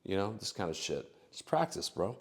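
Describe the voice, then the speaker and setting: Middle-aged guy, low-ish voice, loose rambling advice delivery, heavy on fillers and restarts. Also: big pitch swings, moderate pace. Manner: rambling, filler-heavy, acts out both sides of conversations. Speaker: dating advice vlogger. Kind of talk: casual advice monologue.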